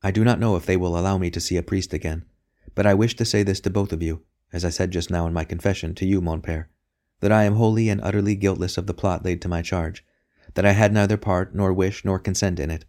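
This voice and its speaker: A man reading a soft-spoken captive queen. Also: deep voice, steady tone, fast, natural voice. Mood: earnest. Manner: soft, quiet and unruffled. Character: weary captive queen, calm and dignified.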